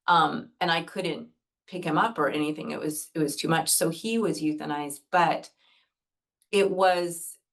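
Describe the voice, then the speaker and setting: A woman teaching Reiki on a group video call, speaking earnestly and gently as she guides breathing step by step. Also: low voice, fairly even intonation, a little slow. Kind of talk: gentle talk to an online group.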